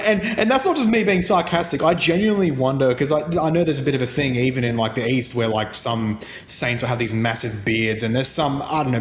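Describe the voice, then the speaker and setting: A man's voice: mid-range voice, slight background noise. A livestream co-host, a man speaking casually with a wry, sarcastic edge and many hesitations. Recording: roomy mic sound.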